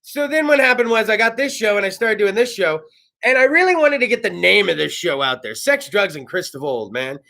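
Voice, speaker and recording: A man's voice: high-pitched, big pitch swings, a little fast, vocal fry, bright, forceful tone. A man in his thirties from California hosting a casual talk show, rambling and profane. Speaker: host. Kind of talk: casual monologue. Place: studio.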